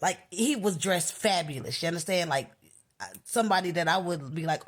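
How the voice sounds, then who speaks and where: A woman's voice: on the low side, fairly quick. A young woman with a boisterous voice, telling a personal story in casual slangy chat and acting out what others said. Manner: animated, slangy, acts out other people's lines.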